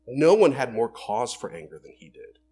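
Animated man preaching a sermon. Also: medium pitch, normal speed, slightly rough. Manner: conversational, animated preaching with rhetorical questions and acted-out quotes. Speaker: pastor.

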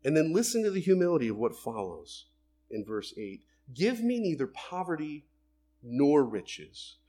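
Husky, animated man preaching a sermon. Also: a little high, normal speed. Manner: animated, acts out voices of people and God in quotes.

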